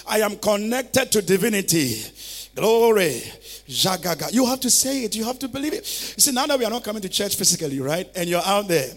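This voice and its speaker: A man's voice: high voice, very animated, normal speed, fairly bright tone. A male pastor preaching a fervent sermon, calling on listeners to repeat declarations after him.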